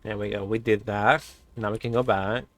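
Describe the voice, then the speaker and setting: A man streaming a video game, chatting casually and excitably, cooing fondly at animals and laughing often. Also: lowish voice, moderate pace, no echo. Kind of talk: casual gameplay commentary.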